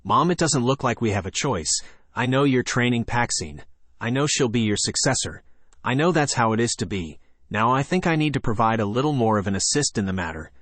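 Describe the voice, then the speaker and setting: A man's voice: medium pitch, animated, fairly quick, a bit bright, no room sound. A man voicing a worried, protective mother in an audiobook, anxious and insistent.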